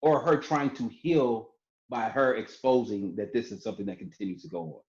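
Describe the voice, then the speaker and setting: A man's voice: on the low side, expressive, normal speed, a little mellow. A man guest on a podcast, talking loosely about his marriage with plenty of fillers and restarts. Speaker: guest, barber and entrepreneur. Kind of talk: casual podcast conversation. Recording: roomy, slightly dull podcast audio.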